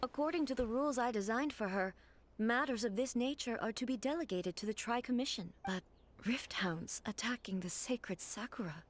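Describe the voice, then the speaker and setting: An actress voicing a composed, ageless female fox-spirit priestess in game dialogue, speaking in a measured, formal, aloof way. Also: fairly high pitch, close to an everyday voice. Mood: grave hush.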